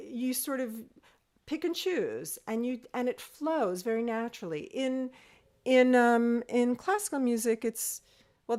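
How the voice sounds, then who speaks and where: A woman teaching an online music lesson, talking thoughtfully with pauses and singing rhythms aloud to demonstrate. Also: on the high side, a little mellow.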